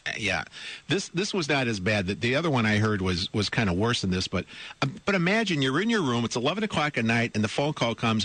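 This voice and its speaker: A man's voice: medium pitch, sing-song, a little fast, a bit bright, no echo. Man, middle-aged, radio talk host, amused and disbelieving, rhetorical questions, dry close studio mic. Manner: amused and incredulous, breaks into laughter while reading; rhetorical questions to listeners, repeats words. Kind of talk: radio talk show, reading a news story with comment. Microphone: studio microphone.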